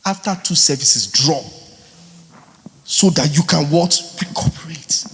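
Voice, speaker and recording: A man, teaching a live singers' workshop as a vocal coach, teasing and lively. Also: a little high, unhurried. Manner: animated, teasing, mixes in pidgin. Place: large hall at a live boot camp. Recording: long hall reverb.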